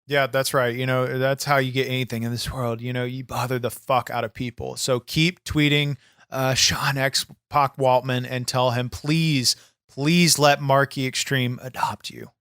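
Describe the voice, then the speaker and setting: Man, podcast host, smooth clear voice, dry close mic, brash, swears. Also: medium pitch, flat delivery, moderate pace, a bit bright, no echo. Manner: brash, swears freely, hard-selling promo tone. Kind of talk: comedic podcast banter.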